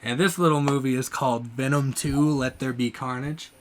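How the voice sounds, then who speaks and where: A young man hosting a casual podcast, telling an animated story, acting out quotes loudly and laughing often. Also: medium pitch, moderate pace, a loud crowd. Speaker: podcast host. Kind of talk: casual chat.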